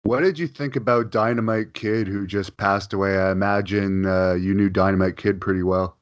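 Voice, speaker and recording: A man's voice: on the low side, fairly even intonation, moderate pace, dull audio. A male interviewer asking questions over a video call, with brief, supportive interjections.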